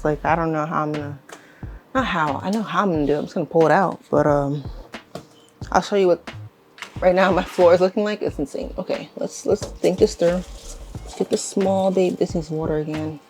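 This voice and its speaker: A young woman chatting casually as she shows and rearranges her plants, rambling, correcting herself and getting excited. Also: fairly low pitch, a little hiss or hum. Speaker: plant vlogger. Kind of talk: casual vlog chat while working. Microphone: handheld camera on tripod.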